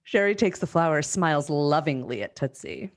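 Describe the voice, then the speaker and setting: A woman hosting a live script reading over a video call, reading the stage directions in a brisk, amused way. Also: low voice, expressive.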